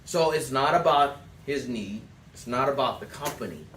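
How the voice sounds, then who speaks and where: A man's voice: mid-range voice, lively intonation, normal speed, fairly bright tone. Guy running a sales training, roomy echo, mic kinda far off, faint noise. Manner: direct, instructive, tells listeners to write things down. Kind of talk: sales coaching talk. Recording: echoey room, distant mic.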